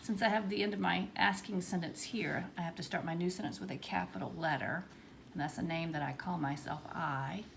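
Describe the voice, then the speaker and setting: Gravelly-voiced woman teaching young children. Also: fairly low pitch, fairly even intonation, slight background noise. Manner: slow, exaggerated reading of words. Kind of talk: early-grade writing lesson.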